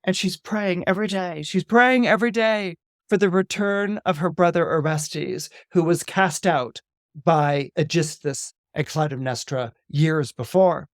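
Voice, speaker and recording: A man, an astrologer guest on a podcast, retelling a Greek myth in a lively, dramatic way with casual asides. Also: on the high side, a little slow, dry recording, studio quality. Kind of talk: animated myth storytelling on a podcast.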